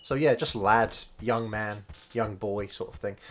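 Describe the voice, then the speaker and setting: A man's voice: on the low side, measured pace, fairly bright tone. A man, casually explaining Japanese words while streaming a game, rambling and restarting his sentences often. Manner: rambling, hesitant, many fillers and restarts.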